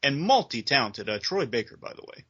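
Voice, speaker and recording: A man in a relaxed discussion who wanders through his points with lots of hedging. His voice sounds bright and forward, and the lo-fi recording dulls it a little. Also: medium pitch, fairly quick, husky. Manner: rambling, full of hedges like "kinda" and "you know". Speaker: co-host of a game review discussion. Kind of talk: casual chat.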